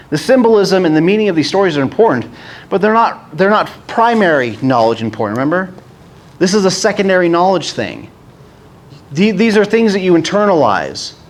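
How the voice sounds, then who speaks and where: Guy preaching casually, rambly storytelling, kinda high voice that jumps around a lot. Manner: rambling, animated storytelling with many restarts. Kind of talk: casual sermon.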